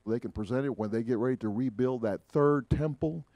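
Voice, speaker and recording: A man preaching a sermon, swinging from emphatic rises to quiet asides. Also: medium pitch, a little fast, dry recording. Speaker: pastor. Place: church sanctuary.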